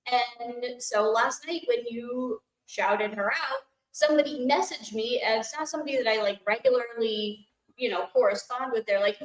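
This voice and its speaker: A woman guest excitedly retelling a story in casual chat. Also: a little high, normal speed. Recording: echoey room, off mic.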